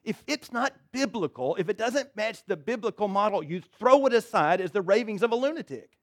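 Male pastor, fairly high voice, delivering a casual, folksy sermon full of asides and self-corrections. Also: lively intonation, fairly quick, fairly bright tone. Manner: conversational and folksy, with frequent restarts and asides. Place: church sanctuary.

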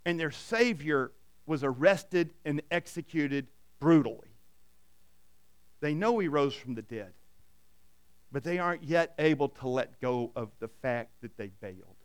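Male pastor, middle-aged, high and smooth voice; dynamic sermon delivery that rises loud and drops to a hush. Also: lively intonation, unhurried. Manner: dynamic preaching, swings from loud emphasis to hushed.

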